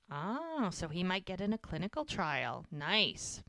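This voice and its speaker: A woman's voice: lowish voice, big pitch swings, unhurried, pushed and bright, no room sound. A woman co-hosting a podcast, retelling scenes in casual chat and acting out the quoted lines. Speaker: podcast co-host.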